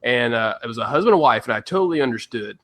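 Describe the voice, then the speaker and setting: A man's voice: mid-range voice, expressive, fast talker, fairly bright tone. A man from Tennessee, a podcast co-host, telling stories and ranting in a casual chat, swearing freely.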